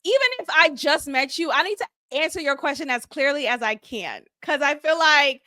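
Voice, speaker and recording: A woman's voice: high-pitched, animated, normal speed, pushed and bright, no echo, studio quality. A woman hosting a casual reality show recap, candid, opinionated and chatty. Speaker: show review host.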